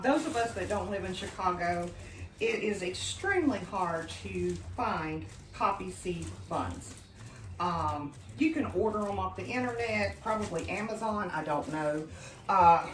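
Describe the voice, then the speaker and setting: A woman's voice: mid-range voice, expressive, measured pace, a bit bright, reverberant, far from the mic, a little hiss or hum, poor audio. A woman chatting enthusiastically to her viewers while demonstrating a recipe in her home kitchen. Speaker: home cooking vlogger. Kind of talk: casual cooking demonstration.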